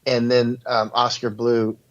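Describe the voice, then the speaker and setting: A man's voice: mid-range voice, monotone, measured pace. A man telling rambling stories as a guest in a casual interview, laughing at his own anecdotes. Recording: dull lo-fi audio.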